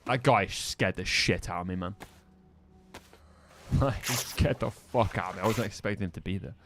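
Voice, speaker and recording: A man's voice: on the low side, moderate pace. Young english guy from the midlands, neutral accent, swearing and joking with chat mid-game, faint noise behind. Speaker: game streamer. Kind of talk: casual live-stream chat while gaming.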